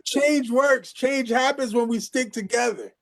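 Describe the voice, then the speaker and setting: A man with a notably high voice runs an open mic with a joking, encouraging manner. He talks loosely and casually to the group. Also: unhurried, creaky.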